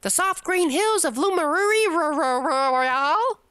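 A woman voicing a sorrowful young princess, reading game dialogue aloud in a high, tearful, theatrical way. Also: expressive, a little slow, a bit bright, no room sound, studio quality, exaggerated voice. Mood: earnest.

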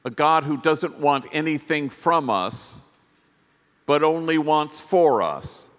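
Priest man telling stories slow and soft, big hall reverb behind him. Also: on the high side. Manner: gentle, reflective storyteller with pauses. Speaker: priest giving a workshop talk. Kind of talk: storytelling keynote talk. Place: large conference hall.

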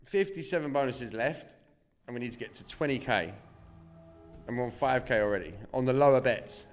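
A man's voice: mid-range voice, expressive, brisk, soft background music. A young man doing casual live-stream commentary, swearing freely and chatting to his viewers. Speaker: slot streamer.

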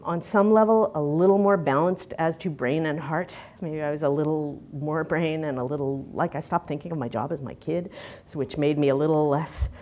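A woman's voice: deep voice, normal speed, hardly any pauses, darkish tone, slight background noise. A middle-aged woman, giving a candid conference talk full of fillers and restarts. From Canada. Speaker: conference speaker.

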